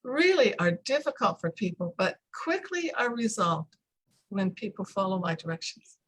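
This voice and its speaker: An older woman, a speech coach, explaining pronunciation in a casual interview over a video call, slowing down to demonstrate sounds. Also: mid-range voice, lively intonation, husky, poor audio. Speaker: accent coach.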